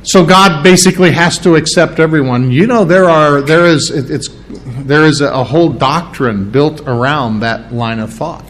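A middle-aged man preaching a verse-by-verse sermon, conversational with restarts and asides, pressing hard on repeated phrases. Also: mid-range voice. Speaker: pastor. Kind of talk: sermon, verse-by-verse Bible teaching.

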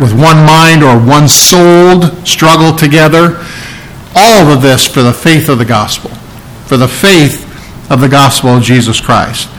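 A middle-aged male preacher giving a conversational sermon, often restarting phrases and clearing his throat. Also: a little high, a bit bright, low-quality recording.

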